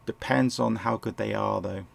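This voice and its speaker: A man with a sore throat and a croaky voice, rambling and correcting himself as he casually talks through a management game at home. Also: on the low side, steady tone, moderate pace. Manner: rambling, self-correcting, chuckles often. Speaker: gameplay commentator. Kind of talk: casual game walkthrough commentary. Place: home, indoors.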